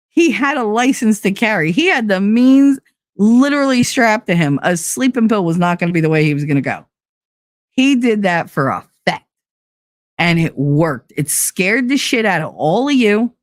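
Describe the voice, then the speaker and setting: A woman's voice: mid-range voice, lively intonation, moderate pace, no room sound, clean studio sound. A woman hosting a podcast in casual talk, blunt and sarcastic, swearing freely and mimicking others in mocking voices. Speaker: podcast host. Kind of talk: casual monologue reading viewer comments.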